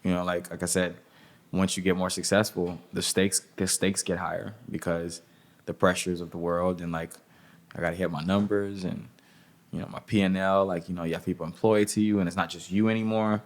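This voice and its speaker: Deep-voiced man, loose and profane. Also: little pitch movement, a little fast. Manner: loose, profane, full of "like" and "you know". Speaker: music industry guest. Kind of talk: casual interview talk.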